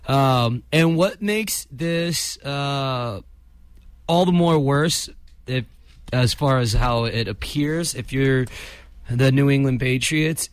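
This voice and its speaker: A man hosting a sports chat show, talking casually and haltingly, with lots of fillers. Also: mid-range voice, smooth, no echo.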